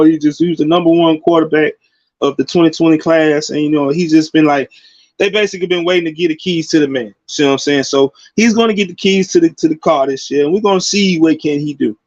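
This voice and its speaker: A fired-up man in his forties talking college football, his voice riding high. The sound is dry and a bit dull, with no room around it. He talks in slang and keeps jumping into loud outbursts. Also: fairly quick, dry recording. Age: 40s. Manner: animated, slangy, loud bursts and laughing asides. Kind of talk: casual sports commentary.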